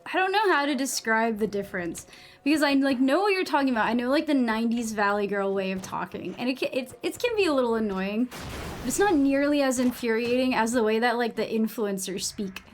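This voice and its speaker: A woman's voice: on the high side, expressive, a little fast, faint music behind. A young woman with a New England accent chatting casually while gaming on a live stream, rambling, saying "like" a lot and swearing freely.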